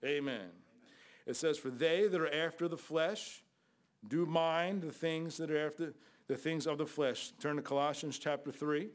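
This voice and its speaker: An older man preaching a fiery Bible sermon as a guest preacher, scolding loudly and then dropping to low asides. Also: moderate pace. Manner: loud, scolding, shifts between shouting and low asides.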